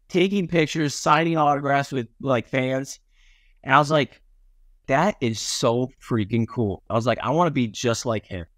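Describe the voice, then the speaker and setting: A man's voice: medium pitch, a bit bright, no room sound. Chill guy from upstate new york, lots of ums and likes, dry close mic. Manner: laid-back, many ums and likes. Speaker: podcast guest, former Olympic swimmer. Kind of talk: casual storytelling chat.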